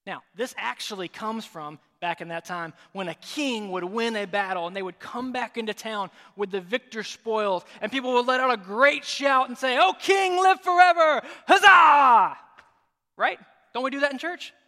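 A man's voice: sits high, moderate pace, few pauses, pushed and bright. A man preaching a sermon as pastor, conversational and joking now and then. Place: large church sanctuary. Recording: reverberant hall.

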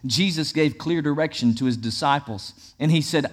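A man's voice: fairly high pitch, normal speed, hardly any pauses. A male pastor preaching a sermon in an emphatic, repetitive cadence.

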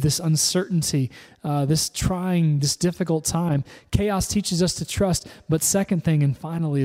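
A man's voice: a little high, dark tone. A man preaching as a pastor, earnest and emphatic, repeating phrases as he builds his points. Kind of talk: sermon. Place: church service, filmed. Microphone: camera. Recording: long hall reverb.

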